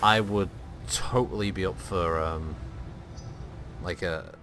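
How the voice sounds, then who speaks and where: A man's voice: low voice, fairly even intonation, slow pace, noisy background. A man giving casual, profane commentary while playing a game and poking fun at its voices. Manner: chatty, swears, mocks voices. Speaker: gaming streamer. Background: game music.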